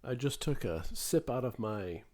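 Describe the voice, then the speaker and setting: A man's voice: medium pitch, big pitch swings, a little slow, darkish tone. A man co-hosting a casual podcast, teasing his partner and wandering off into rambling asides. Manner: joking, teasing, rambling digressions. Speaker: podcast co-host.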